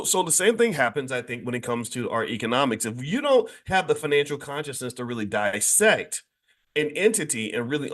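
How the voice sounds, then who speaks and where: Animated man rambling to his audience. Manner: animated, rambling, many restarts and sudden pitch jumps; conversational, addresses the audience directly. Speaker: host of a morning finance show. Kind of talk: casual livestream commentary.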